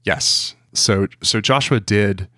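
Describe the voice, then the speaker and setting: A male journalist talks through an interview in a very deep voice. He thinks aloud and restarts phrases as he searches for words. The sound is dry and close. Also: takes it slowly, bright, forceful tone, no echo. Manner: thoughtful, repeats words while searching for them. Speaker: journalist guest. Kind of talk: interview conversation.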